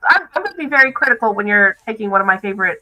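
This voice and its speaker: Bright-voiced candid woman. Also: medium pitch, animated, rapid-fire, low-quality recording. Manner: critical, candid, self-deprecating. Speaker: podcast co-host. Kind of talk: casual chat.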